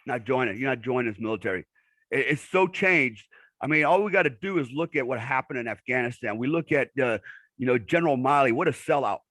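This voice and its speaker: A man's voice: mid-range voice, a little fast, fairly bright tone, dry recording. A middle-aged man, a military veteran guest in an interview, telling blunt stories with many filler words. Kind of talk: conversational interview.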